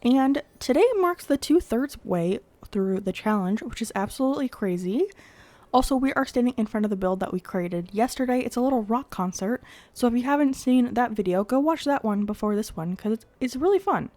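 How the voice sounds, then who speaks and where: A woman's voice: a little high, expressive, fairly quick, mellow, no room sound. Congested, chatty woman gaming host. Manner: chatty and upbeat, thinking aloud while building. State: congested from a cold. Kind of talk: casual gameplay commentary.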